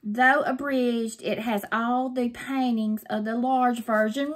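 A woman's voice: high-pitched, takes it slowly, hardly any pauses, a bit bright. An older woman, chatting effusively to her viewers while opening mail in a casual vlog. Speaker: craft vlogger.

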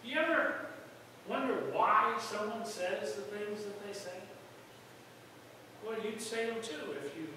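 A man preaching a sermon as pastor, in a folksy storytelling way that jumps into loud outbursts. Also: high voice, unhurried, long pauses, noisy background. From United States. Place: church sanctuary. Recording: echoey hall from far off.

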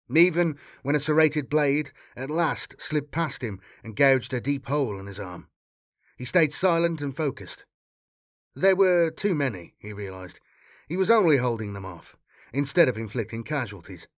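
A man giving a measured, dramatic fan reading of a science-fiction story. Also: medium pitch, dry recording, clean studio sound. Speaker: audiobook reader.

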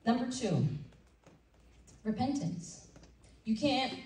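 A woman leading a women's ministry breakfast, preaching in a conversational, animated way and acting out little asides. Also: fairly high pitch, takes it slowly. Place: church event room. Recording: roomy hall sound from a distant mic with faint noise.

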